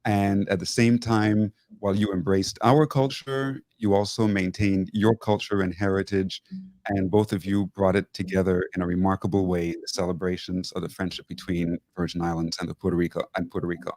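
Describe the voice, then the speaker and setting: A man in his fifties hosts a television interview, often restarting and repeating his phrases as he goes. His voice sits fairly low, and the recording is dry and close. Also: steady tone, fairly quick, no room sound. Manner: warm, repetitive phrasing with many restarts. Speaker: host.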